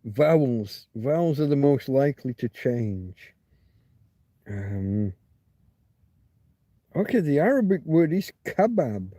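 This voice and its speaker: Slow, mellow-voiced man chatting. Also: medium pitch, no room sound. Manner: chatty, swears, muses aloud while reading. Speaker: livestream host. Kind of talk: rambling casual livestream chat. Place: home, Torrevieja.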